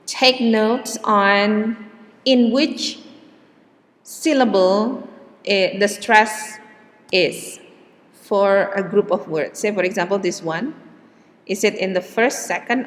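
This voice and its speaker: A woman leads a pronunciation lesson at a very slow, deliberate pace, drawing out each example word so the stressed syllable stands out. Her voice sits in a middle register, and a long reverb trails after her words as if she were in a large, hard-walled room. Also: medium pitch. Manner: slow, drawn-out model words with hesitant fillers. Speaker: English teacher.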